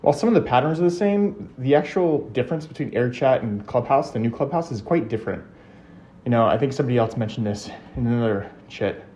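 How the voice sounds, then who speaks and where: Quick-talking man, a bit winded. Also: medium pitch, mellow, slight background noise. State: slightly out of breath. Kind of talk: casual chat.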